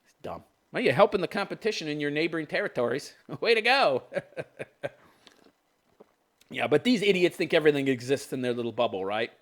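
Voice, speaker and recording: A man with a high, lively voice rants through a news commentary. He scoffs, swears freely and laughs at what he reads, with pitch that leaps around as he mocks. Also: brisk, pauses often. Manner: sarcastic, profane, scoffing laughs. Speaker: podcast host.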